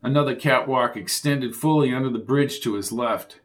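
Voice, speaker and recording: A man reading a crime thriller audiobook with steady, driving storytelling. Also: medium pitch, moderate pace. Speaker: audiobook narrator. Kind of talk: scripted thriller narration.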